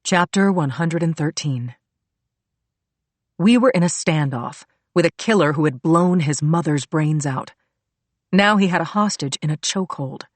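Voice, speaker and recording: A woman reading a thriller audiobook aloud in a steady, even storytelling manner. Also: low-pitched, measured pace, no echo. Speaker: audiobook narrator. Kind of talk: scripted narration.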